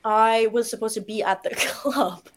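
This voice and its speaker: A woman's voice: a little high, fairly even intonation, unhurried, a little hiss or hum. A young woman telling a story as a podcast guest, rambling with lots of likes and ums and laughing as she goes. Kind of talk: casual storytelling chat.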